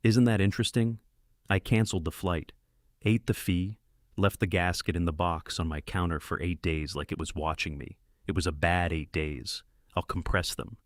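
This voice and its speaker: A man narrating a first-person story in a measured, plain way. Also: deep voice, steady tone, dry recording, studio quality.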